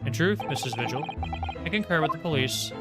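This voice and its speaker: A man voicing a haughty, theatrical detective who speaks in grand, airily dismissive phrases, over loud game music. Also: a little high, expressive, fairly quick, lightly acted. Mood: pompous. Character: haughty, theatrical male detective, middle-aged.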